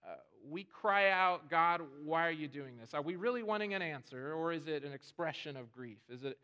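A male pastor delivering a sermon, earnest and unhurried in his reasoning. His voice sits a little higher than most men's, and he often doubles words as he starts a thought. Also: expressive, pushed and bright, clean tone, lo-fi sound. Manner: earnest, repeats words when starting phrases.

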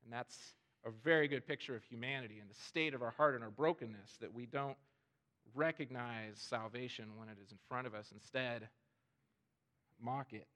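A man's voice: mid-range voice, moderate pace, a bit bright. A man preaching a sermon in an earnest way, often repeating words as he starts a phrase. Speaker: pastor.

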